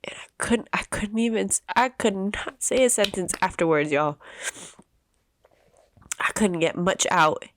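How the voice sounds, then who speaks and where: A woman in her thirties, a podcast host telling a personal story in an emotional, halting way with many restarts. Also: medium pitch, lively intonation, no echo. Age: 30s.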